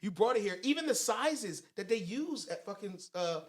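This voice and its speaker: A man's voice: sits high, animated, moderate pace, a little hiss or hum. A man co-hosting a comedy podcast, talking in a rambling, profane, storytelling way. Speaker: podcast co-host. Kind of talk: casual comedic chat.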